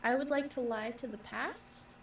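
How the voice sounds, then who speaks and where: A woman player in a tabletop role-playing game, playful and quick to laugh. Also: fairly high pitch, fairly even intonation, slight background noise. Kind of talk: casual tabletop play. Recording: echoey room, distant mic.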